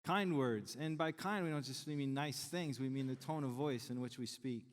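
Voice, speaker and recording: A middle-aged pastor delivers a sermon in a deep, mid-pitched voice. He talks to the congregation casually and teases them now and then. His voice rings with the long reverb of a large church hall. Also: moderate pace. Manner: conversational, joking with the congregation.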